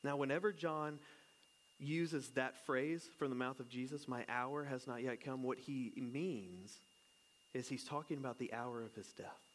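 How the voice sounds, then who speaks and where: A man's voice: mid-range voice, fairly even intonation, a little slow. A man, a pastor who is married and has children, giving a casual, conversational sermon. He jokes and keeps asking his listeners questions. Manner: chatty and joking, asks the congregation questions.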